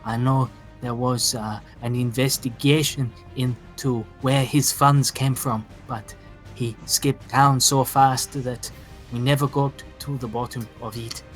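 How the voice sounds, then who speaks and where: A man's voice: medium pitch, fairly even intonation, measured pace, faint music behind, close to an everyday voice. A man voicing a nervous, frantic male tavern keeper who stammers and hesitates.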